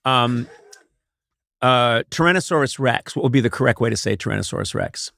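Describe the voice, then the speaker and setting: A man's voice: medium pitch, animated, brisk, creaky, fairly bright tone, no echo. A man hosting a talk show, teasing his guests in comedic banter with a mock-combative edge. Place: studio.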